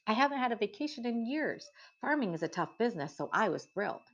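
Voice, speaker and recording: A woman voicing a worried middle-aged farmer's wife, flustered, with her pitch rising as she talks. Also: very animated, quick pace. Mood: fretful. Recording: dull lo-fi recording.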